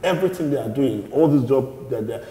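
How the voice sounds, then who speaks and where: A man, a party spokesman answering interview questions in a measured, explanatory way and often repeating words as he restarts. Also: mid-range voice, animated, warm tone. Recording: echoey studio with long reverb.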